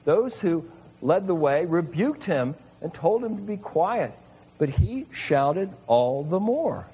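Preacher, male, husky and fairly high voice, earnest and emphatic sermon delivery. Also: sing-song, slow pace, dark tone, lo-fi sound. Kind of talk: sermon reading and explaining scripture.

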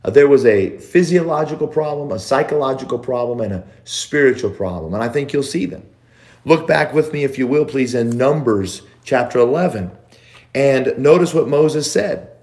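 A man's voice: medium pitch, animated, darkish tone. A man preaching a sermon, repeating phrases for emphasis. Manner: slow, drawn-out delivery with repeated phrases for emphasis.

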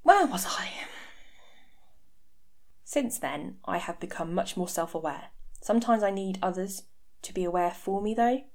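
At a normal speed and medium pitch, her darkish voice carries this candid personal podcast, recorded on a home mic. The host, in her thirties, shares frankly about her life with sarcastic, dry asides.

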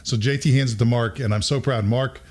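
A middle-aged man with a mid-range voice tells a story in relaxed conversation. He gets animated as he goes, chuckling and slipping into other people's voices when he quotes them. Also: medium pitch, a little fast.

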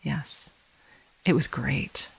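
A middle-aged woman telling her life story as a podcast guest, animated and laughing often. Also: rumbling low, extremely slow, creaky, breathy edge. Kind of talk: conversational storytelling.

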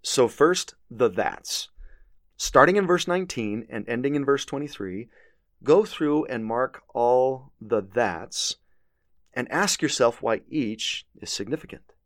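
A man's voice: mid-range voice, animated, slow pace, a bit bright, dry recording, clean studio sound. A man teaching a scripture lesson, reading verses aloud with earnest emphasis. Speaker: religious teacher.

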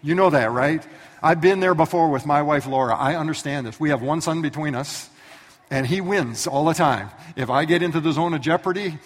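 A pastor preaches a sermon, telling the story vividly and addressing the congregation directly. His voice is a little high and a little fast, heard from some distance in an echoey hall.

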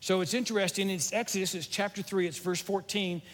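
A man's voice: high-pitched, steady tone, a little fast, a bit bright, long reverb tail. A middle-aged man, teaching a sermon in a folksy, self-deprecating, conversational way. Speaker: church teacher.

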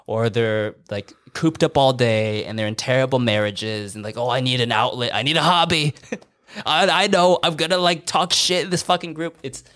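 A man in casual, profane chat, telling animated stories and mimicking people in high put-on voices. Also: moderate pace.

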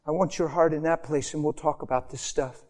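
A man preaching, voicing God as a soft, low, fatherly voice that gently corrects him. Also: steady tone, a little fast, close to an everyday voice. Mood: gentle correcting.

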